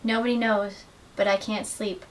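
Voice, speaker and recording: A woman's voice: mid-range voice, flat delivery, moderate pace. Young woman reading aloud, distant and hissy. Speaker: student reader. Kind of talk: dramatic reading of literary excerpts. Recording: distant mic with faint hiss.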